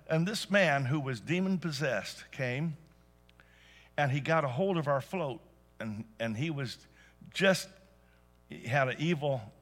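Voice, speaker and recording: A man preaching a sermon to a church congregation, telling stories and rising to loud emphatic peaks. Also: mid-range voice. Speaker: pastor. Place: church service.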